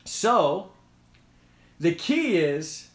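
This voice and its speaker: A man's voice: a little high, very animated, drawn-out words. Chatty guy hosting a live q&a, emphatic, repeats himself, echoey room. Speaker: host. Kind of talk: casual live Q&A.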